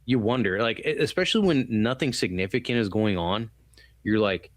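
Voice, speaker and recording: Low-voiced man rambling about a film. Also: normal speed, no echo, clean studio sound. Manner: rambling, loose and profane, acts out quotes. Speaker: podcast co-host. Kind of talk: casual movie review chat.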